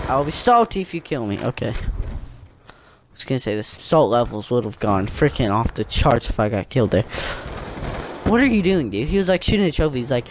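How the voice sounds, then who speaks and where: Young man, gameplay commentary, jokey trash talk, very lively pitch, faint gunfire behind. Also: normal speed, poor audio. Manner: excitable, jokey trash talk with sudden yelps. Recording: faint gunfire and game noise. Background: gunfire from the game.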